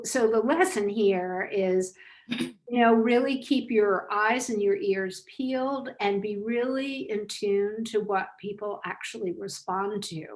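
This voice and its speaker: An older woman recounts her early days in business with lively energy and an easy laugh. She speaks over a video call. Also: mid-range voice, low-quality recording. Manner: lively, laughs while telling anecdotes. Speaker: author and business founder, guest. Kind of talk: storytelling interview answers.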